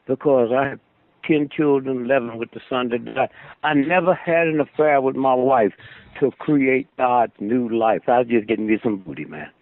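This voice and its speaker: Gravelly older man preaching down a phone line. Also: mid-range voice, normal speed, no room sound. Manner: preachy, asks "Hmm?" for agreement. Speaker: guest. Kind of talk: rambling storytelling monologue. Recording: phone-line radio call.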